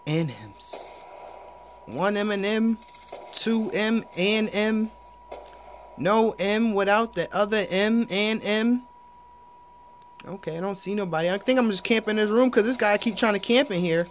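A young man commentating his own video game match for viewers, playful and hyped, with sudden loud exclamations. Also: high voice, unhurried, slight background noise. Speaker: gaming YouTuber. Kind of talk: live gameplay commentary.

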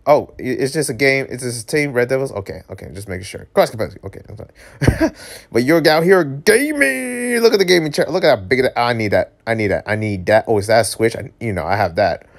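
A man hosting a channel, reading a webcomic aloud in a casual, animated way and joking about it. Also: fast, gravelly. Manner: animated, jokey, yelps high on surprise. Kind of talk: casual read-aloud with reactions.

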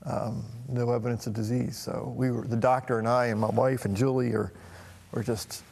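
Halting, gravelly-voiced man telling a story. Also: medium pitch, little pitch movement, a little mellow, in a large hall. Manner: halting, emotional, many restarts. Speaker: talk show host. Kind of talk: personal storytelling.

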